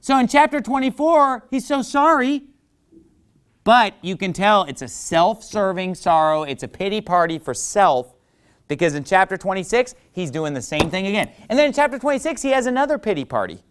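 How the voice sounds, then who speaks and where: A man preaching a sermon, who acts out the people he quotes with sudden loud outbursts. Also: high-pitched, very animated, moderate pace, clear, resonant tone.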